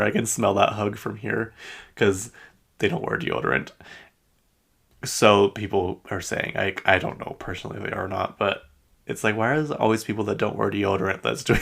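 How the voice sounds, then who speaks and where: A man's voice: on the low side, gravelly, fairly bright tone. A man hosting a pop-culture podcast, chatting in a rambling, opinionated way with lots of fillers and restarts. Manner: rambling, heavy use of "like" and restarts; opinionated, mildly exasperated. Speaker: podcast host. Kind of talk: casual pop-culture chat.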